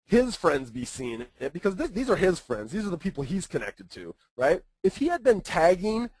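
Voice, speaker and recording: A man's voice: high-pitched, very animated, moderate pace, a little mellow, breathy edge, no room sound, rough recording. A man giving a casual webinar presentation, talking conversationally and often checking in with his listeners.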